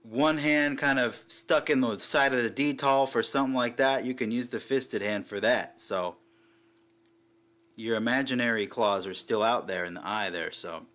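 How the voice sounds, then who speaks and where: Hyped-up dude reviewing a toy figure, bright punchy voice, swears casually. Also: male voice, medium pitch, moderate pace. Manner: excited, enthusiastic, swears casually.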